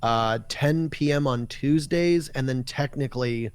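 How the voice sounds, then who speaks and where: A Canadian esports caster speaks at medium pitch and a measured pace, his tone clear and resonant in a dry recording. Chatting casually on a podcast, he tells stories vividly and acts out the dialogue.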